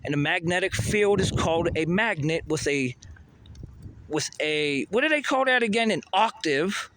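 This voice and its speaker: A man's voice: high-pitched, animated, moderate pace, a bit bright. A man delivering a rambling, profane monologue full of pseudo-technical talk, recorded outdoors near a busy road. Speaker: vlogger. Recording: outdoor traffic noise.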